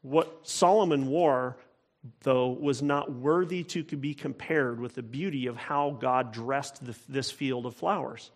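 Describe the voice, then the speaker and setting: A man's voice: medium pitch, a little slow. A man preaching a sermon, earnest and emphatic, often repeating phrases for weight. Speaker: pastor.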